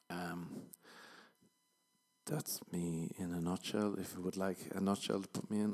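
Man, podcast host, fairly low voice, crude self-mocking comedy, rambling monologue. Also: little pitch movement, measured pace, a little mellow.

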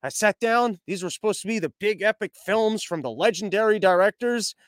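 A man's voice: high voice, brisk, no room sound, clean studio sound. A young man hosting a news commentary podcast, rambling and sarcastic, mocking the stories and reading sponsor ads.

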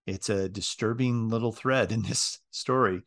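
A man gives a reflective sermon, breaking up his thoughts with ums and uhs. His voice is lowish and steady. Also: unhurried. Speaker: preacher. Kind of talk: sermon with read-aloud passages.

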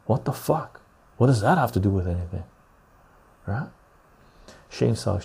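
A calm man hosting a livestreamed podcast, reading out the chat in an easy, unhurried way. His voice is dark and husky, with a gravelly, fry-laden edge. He swears freely and laughs often, yet never raises his voice. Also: fairly low pitch.

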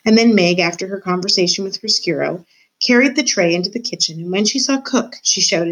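Expressive woman teacher reading aloud. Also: mid-range voice, a little fast, poor audio. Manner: expressive, storytelling. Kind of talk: reading a children's book aloud.

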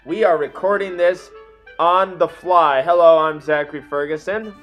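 Joking young man, slightly high voice. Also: dull audio, faint music behind. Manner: joking, rambling, quick asides. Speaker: podcast co-host. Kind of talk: casual chat.

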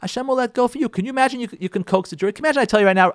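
A man's voice: very high-pitched, rapid-fire, clear, resonant tone, no room sound, studio quality. A man, a rabbi, giving an emphatic, repetitive talk on letting go in marriage, acting out spouses' quarrels. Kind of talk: sermon-style talk on relationships.

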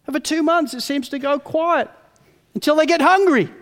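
High-voiced preacher in a reverberant hall. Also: male voice, normal speed. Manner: animated, acts out grumbling voices. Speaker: pastor. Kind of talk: sermon.

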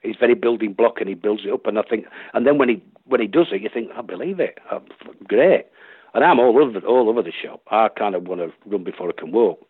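A man's voice: fairly low pitch, fast talker, few pauses, slightly rough, no echo. A man with a Yorkshire accent, an actor chatting as a guest in an interview, rambling with restarts. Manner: rambling, full of restarts and acted-out quotes. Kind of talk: casual interview chat. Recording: tinny dry phone line.

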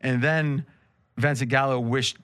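A man's voice: mid-range voice, steady tone, measured pace, a bit bright, smooth, dry recording. A man hosting a casual chat show, rambling and joking as he tells stories. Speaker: host.

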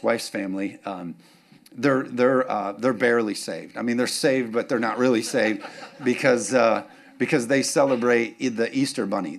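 A man, preaching a sermon as pastor, joking and chatty, then rising to fervent urging. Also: mid-range voice.

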